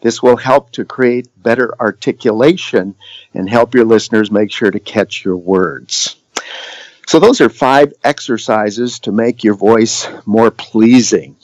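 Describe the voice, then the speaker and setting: A man giving a scripted lesson on voice and communication skills, speaking in a measured, demonstrative way with deliberate pauses. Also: on the low side, darkish tone, no room sound, low-quality recording. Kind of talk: scripted instructional narration.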